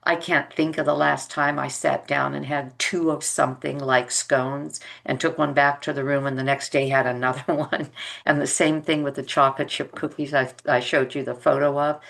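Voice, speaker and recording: A woman's voice: rumbling low, fairly even intonation, normal speed, gravelly, a bit bright. An older woman talking casually to her vlog audience in a rambling, reflective way, full of fillers and restarts. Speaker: vlogger.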